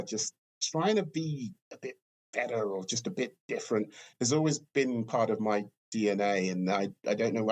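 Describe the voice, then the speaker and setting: A British man, an entrepreneur, chatting in an interview and telling stories, laughing often and acting out other people's lines in a higher voice. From Britain. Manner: animated storyteller, laughs often, acts out quotes in a high voice. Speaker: entrepreneur guest. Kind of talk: casual interview chat.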